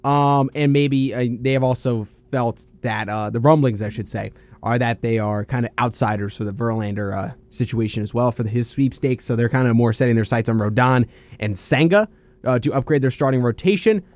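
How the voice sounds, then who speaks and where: A man's voice: medium pitch, fairly quick, darkish tone, dry recording. Young man hosting college sports radio. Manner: laid-back, rambling with fillers and self-corrections. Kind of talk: casual sports talk.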